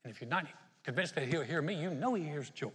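A man preaching a sermon as pastor, animated and laughing often as he quotes scripture. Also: a little high, fast. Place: church. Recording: long hall reverb.

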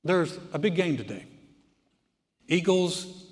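A man, a pastor preaching a sermon, animated and repeating phrases for emphasis. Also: on the high side, takes it slowly. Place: large church hall. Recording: reverberant hall.

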